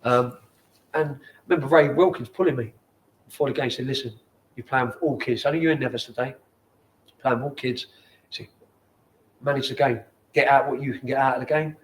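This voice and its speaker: A London man in his forties spins rough, sweary anecdotes about his playing days. He talks in an animated way and acts out the people in his stories. His voice sits at an ordinary middle pitch for a man. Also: brisk, long pauses. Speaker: guest, former footballer. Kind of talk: casual storytelling. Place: bar at a football ground.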